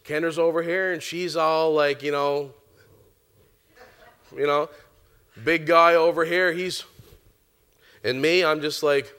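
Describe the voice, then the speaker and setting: A middle-aged man from Canada preaching a sermon, telling a personal testimony in an animated way and laughing often. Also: on the high side, slow pace, pauses often, clean tone.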